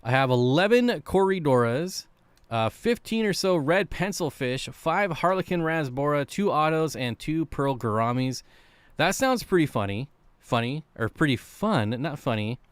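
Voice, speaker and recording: A man hosting a casual live stream for an aquarium channel, chatting in a relaxed way and reading viewer comments aloud. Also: fairly high pitch, normal speed, clean tone, no room sound.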